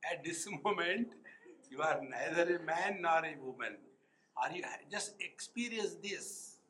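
A man's voice: on the high side, expressive, a little slow, pushed and bright, a little hiss or hum, rough recording. A man with an Indian English accent giving a spiritual retreat talk, telling anecdotes with humor and chuckling often. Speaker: spiritual teacher. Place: retreat hall.

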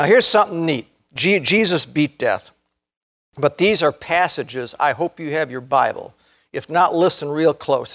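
Male preacher, high-pitched, earnest sermon delivery that slows and swells for emphasis. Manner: earnest, rising to fervent emphasis, slows to stress key words. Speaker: pastor.

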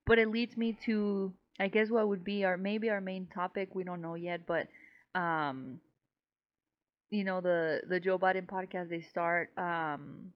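With a fairly low, fairly even voice and an unhurried pace, this podcast co-host from Mexico rambles on, swears freely, and laughs a lot, seeming a bit tipsy. The sound is slightly dull and lo-fi.

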